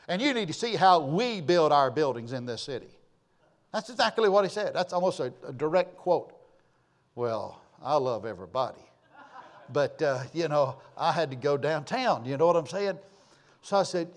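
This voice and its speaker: A pastor, a man, telling a folksy, animated story in a sermon and acting out the people in it. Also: a little high, fairly quick.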